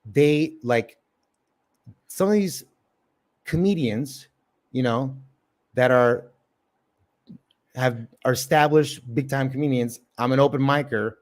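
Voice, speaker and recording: Slow and prone to long pauses, this mid-range male voice belongs to an open mic comic hosting a relaxed livestream chat. He rambles profanely, with fillers scattered everywhere.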